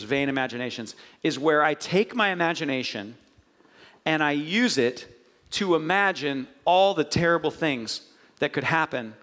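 A man's voice: on the high side, a bit bright. A middle-aged male pastor giving a casual, conversational sermon with self-mocking asides to the congregation. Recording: long hall reverb.

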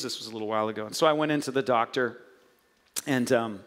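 A man's voice: mid-range voice, quick pace. A middle-aged male pastor giving a casual, conversational sermon with self-mocking asides to the congregation. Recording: long hall reverb.

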